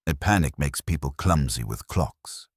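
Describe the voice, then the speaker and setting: A man with a very deep, husky voice playing a calm, incisive aristocratic detective who speaks with quiet precision. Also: measured pace, no room sound, clean studio sound, exaggerated voice. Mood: measured.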